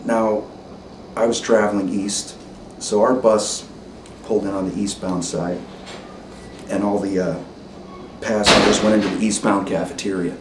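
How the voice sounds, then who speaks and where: A man telling a story in a deliberate, measured way, pausing to set the scene. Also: fairly low pitch, fairly even intonation. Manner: deliberate, careful, with pauses and ums. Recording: roomy, distant mic with noise.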